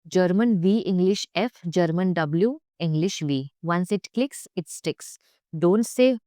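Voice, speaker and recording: A woman's voice: lowish voice, a little slow, warm tone, no room sound, clean studio sound. A young woman teaching German pronunciation, speaking carefully and repeating each sound for learners. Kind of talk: pronunciation lesson.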